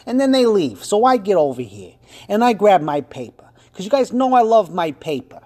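A man's voice: high-pitched, sing-song, moderate pace, darkish tone. A man voicing a foul-mouthed, hot-tempered mob boss who rants profanely in a comedic monologue. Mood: ranting. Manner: profane, ranting, threatening.

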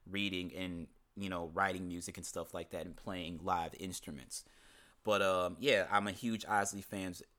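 A man with a very low, deep voice talks through an album track by track in a loose, conversational way. He swears freely and shifts into a quicker clip when he reads quotes aloud. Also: bright, forceful tone. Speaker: podcast host discussing an album. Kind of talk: casual commentary with read-out quotes.

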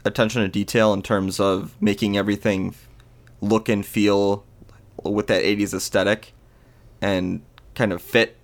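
A man's voice: fairly low pitch, level tone, unhurried. A man co-hosting a podcast, chatting in an easygoing way, hedging with "I mean" and "like". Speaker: podcast co-host. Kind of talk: casual chat.

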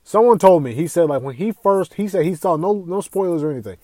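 A young man hosting a casual gaming podcast, talking in an excitable, profane, rambling way. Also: high-pitched, fast talker, dry recording. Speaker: podcast host.

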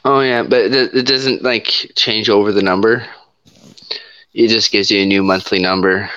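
Bright-voiced man on a dull line. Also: fairly low pitch, steady tone, moderate pace, no room sound. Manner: teasing, reads chat comments aloud. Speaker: co-host. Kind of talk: casual chat.

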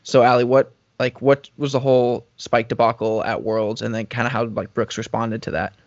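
A man's voice: mid-range voice, moderate pace, no echo. Young man, casual chat, dry dull audio. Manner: relaxed, rambling, many fillers. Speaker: professional runner, podcast co-host.

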